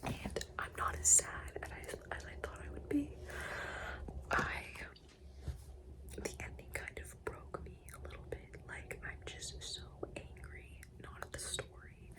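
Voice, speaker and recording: A young woman whispering late at night at home, gushing and exasperated about a book she just read, swearing freely. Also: rough recording. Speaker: vlogger. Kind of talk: late-night reading vlog.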